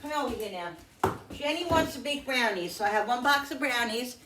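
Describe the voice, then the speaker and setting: A woman talking casually to the camera in her home kitchen, chatty and quick to vent when annoyed. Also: a little high, noisy background. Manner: chatty, animated, prone to exasperated venting. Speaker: home cooking vlogger.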